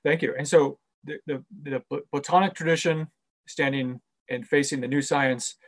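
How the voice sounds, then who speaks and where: Male moderator, gravelly fry in the voice, reads questions, trips and self-corrects; video-call sound. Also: fairly high pitch, steady tone, normal speed. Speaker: webinar moderator.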